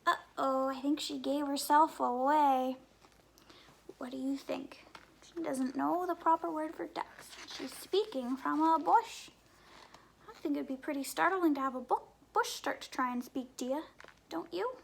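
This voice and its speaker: A woman reading a picture book aloud to children, asking them gentle questions and often dropping to a whisper. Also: high voice, normal speed, vocal fry. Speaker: story time reader.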